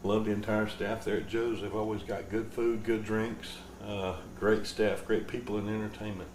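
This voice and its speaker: A man with a fairly low voice delivers a loose, joking podcast monologue, wandering from one thought to the next. His voice bounces around a roomy space, with a faint hiss of noise underneath. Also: level tone, normal speed, a little mellow. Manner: rambling, jokey, laid-back. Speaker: podcast host. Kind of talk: casual comedic monologue.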